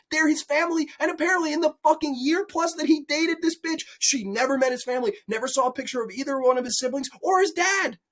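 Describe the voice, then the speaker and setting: Sweary exasperated man ranting. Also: very high-pitched. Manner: angry, sweary, repetitive, exasperated. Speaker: horror movie reviewer. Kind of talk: profane movie rant.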